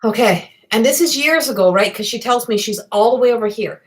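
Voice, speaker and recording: Woman, psychic medium, high voice, rambling and excitable, swears. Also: brisk. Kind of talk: live channeled reading.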